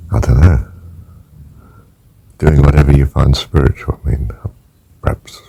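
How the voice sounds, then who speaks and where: An older man teaching a guided breathing meditation, counting breaths gently and softly, sometimes near a whisper. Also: a bass voice, fairly even intonation, measured pace, pauses often, poor audio. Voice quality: gravelly, husky voice. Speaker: spiritual teacher.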